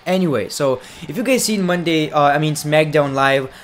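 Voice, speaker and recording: A young man commenting on a wrestling video game, excitable and profane, sometimes doing mock announcer calls. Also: on the high side, normal speed, a little hiss or hum. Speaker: gaming commentator. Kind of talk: let's play commentary.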